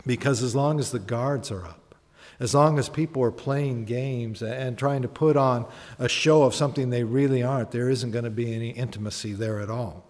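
A pastor delivers a sermon in a conversational way, posing questions to the congregation and acting out honest prayers. His voice is mid-range and slightly mellow, at a normal speed, with long hall reverb on the recording.

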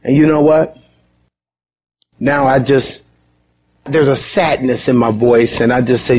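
A man preaching a sermon in an animated, conversational way, with sudden high emphatic bursts and quick chuckles. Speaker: pastor.

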